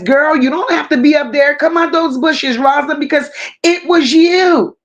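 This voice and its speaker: High-pitched woman greeting her livestream chat. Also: dull audio. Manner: warm drawn-out greetings, reads chat aloud. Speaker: livestream host.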